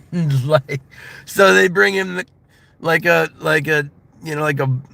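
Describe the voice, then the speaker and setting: Casting: American man, thirties, loose laughing livestream chatter, bright ringing voice. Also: on the high side, slow pace, creaky, no room sound. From United States. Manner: loose and laughing, filler-heavy, mimics voices for comedy. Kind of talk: casual rambling chat. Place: in a car.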